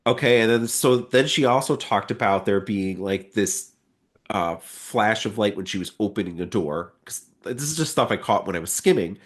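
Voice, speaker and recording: Rambling low-voiced man. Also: normal speed. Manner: relaxed, rambling explanations with restarts. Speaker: podcast co-host. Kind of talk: casual conversation.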